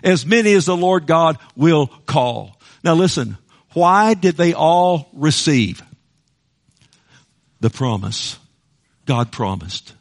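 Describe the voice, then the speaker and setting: Impassioned preacher man, high voice. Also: lively intonation, slow pace, long pauses. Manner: impassioned preaching, swings from hushed to loud. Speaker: pastor. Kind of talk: sermon.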